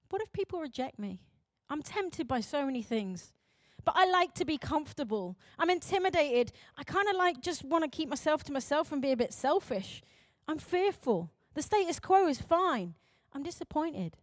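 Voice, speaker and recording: A young woman pastor preaches a sermon in a high, bright voice. Her delivery is emphatic, rising to loud urgent calls and dropping to quiet intensity. The sound is dry and close. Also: lively intonation, moderate pace, dry recording.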